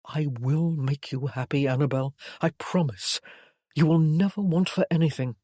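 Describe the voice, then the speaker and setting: A woman voicing an ardent, possessive gentleman in a period romance, firm and insistent. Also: low voice, normal speed, slightly rough, no echo, studio quality.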